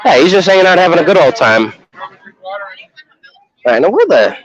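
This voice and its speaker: A man's voice: sits high, very animated, moderate pace. A man chatting casually on a walking livestream at an outdoor festival, laughing often and slipping into mock voices for his stories. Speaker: streamer. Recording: dull lo-fi livestream audio.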